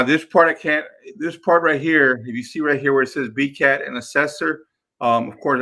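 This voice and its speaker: A man coaching his team in a casual talk, repeating himself and acting out phone calls with sellers. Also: mid-range voice. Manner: energetic, repeats words, acts out phone calls. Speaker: real estate investing coach.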